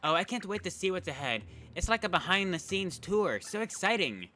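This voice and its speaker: A man puts on a cheerful young paper girl who chatters in a pitched-up voice with a faint European accent. She sounds wide-eyed and eager, with a lot of rise and fall in her lines. Her tone is crisp and forceful. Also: very animated, fairly quick, faint music behind, heavily acted. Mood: excited. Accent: European-tinged, put on. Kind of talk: reading game dialogue aloud.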